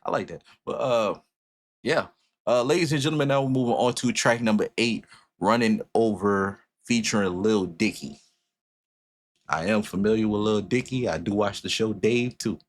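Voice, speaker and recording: A man hosting a music reaction, talking casually and bluntly with animated swings in his voice and easy swearing. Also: on the low side, moderate pace.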